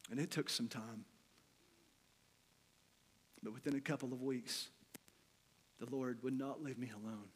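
A middle-aged male preacher gives a sermon in a church hall, where his voice rings out with a long, lingering reverb. His pitch sits in an ordinary middle range. He tells a frank personal story, climbing to loud, animated stretches and then dropping to hushed, quiet ones. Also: unhurried, long pauses, slightly rough.

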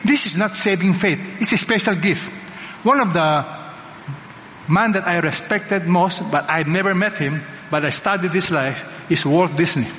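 This pastor's voice is high and sharp, moving at a normal speed as he preaches emphatically, firing rhetorical questions at the congregation. The large church hall lends a long reverb, and there's slight background noise.

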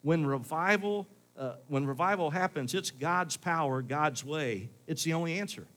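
A man's voice: on the high side, normal speed, fairly bright tone. A male pastor preaching a sermon in church, building to pleading questions.

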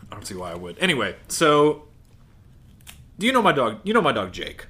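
A young man in his twenties co-hosting a casual podcast, telling animated stories and swearing casually. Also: mid-range voice, a little fast. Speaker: podcast co-host. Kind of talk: casual chat.

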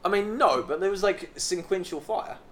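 Speaking at a moderate pace in a high voice, a young man living in a southern Chinese city co-hosts a podcast. His stories ramble, turn profane, and come out animated through casual banter.

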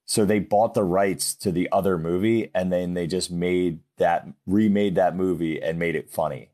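Very deep-voiced young man, rambling podcast chat. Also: steady tone, normal speed, mellow. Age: young adult. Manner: rambling, many fillers like "like". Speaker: podcast co-host. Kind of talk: casual chat.

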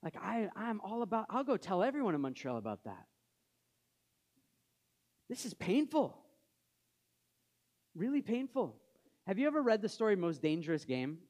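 A male pastor preaches conversationally, questioning the congregation and going soft for scripture readings. His voice is high-pitched with big pitch swings, at normal speed with long pauses.

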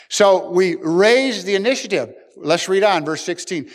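A male pastor preaches an earnest sermon, acting out the voices of the people he quotes. His voice sits a little high for a man. It rings with the long reverb of a large church hall. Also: animated, moderate pace, hardly any pauses.

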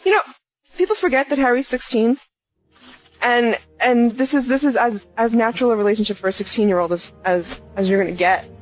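A woman hosting a live call-in podcast, chatting quickly and laughing often. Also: on the high side, soft background music, rough recording. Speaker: podcast host.

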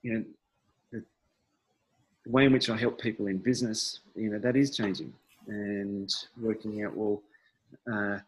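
Husky, low-voiced man musing aloud. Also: level tone, moderate pace, long pauses, rough recording. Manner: hesitant, many fillers and restarts, thoughtful. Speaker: podcast guest. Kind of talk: reflective conversational interview.

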